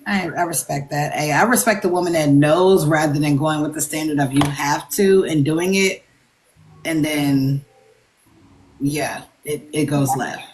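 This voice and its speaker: A woman's voice: low-pitched, measured pace, slight background noise. A woman hosting a casual live interview, chatty and emphatic, laughing easily. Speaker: livestream interviewer.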